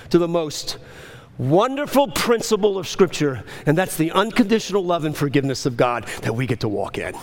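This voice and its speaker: Male preacher, high-pitched, delivering a passionate sermon with sweeping highs and lows. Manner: impassioned, rising to urgent high pleas then dropping low. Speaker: pastor.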